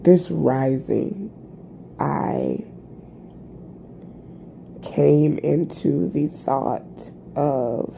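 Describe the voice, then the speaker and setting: A tired woman vlogging a rambling, halting personal reflection, full of fillers and restarts. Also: sits low, vocal fry, mellow, slight background noise. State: tired, yawning. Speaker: spiritual vlogger.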